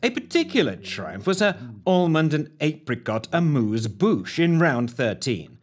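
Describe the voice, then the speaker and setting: Bumbling posh comedy commentator. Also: male voice, on the high side, very animated, unhurried. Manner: posh, bumbling, wry asides. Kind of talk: comic mock TV commentary.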